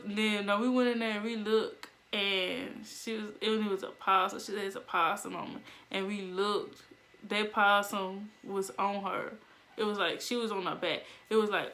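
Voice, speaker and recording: Young woman vlogger, lively storyteller who laughs and acts out voices. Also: mid-range voice. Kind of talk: casual storytelling.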